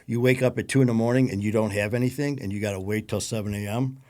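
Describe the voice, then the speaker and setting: A man with a Detroit accent, a podcast guest recounting a personal story in a low-key, conversational way. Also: steady tone, quick pace, darkish tone. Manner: gravelly, low-key storytelling with acted quotes.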